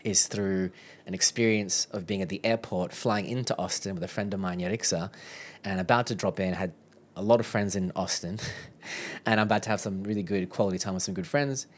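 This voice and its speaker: A man's voice: low voice, steady tone, a little fast. A man with an Australian accent, a podcast guest telling a personal story in a chatty, candid way, often quoting his own thoughts and laughing as he goes.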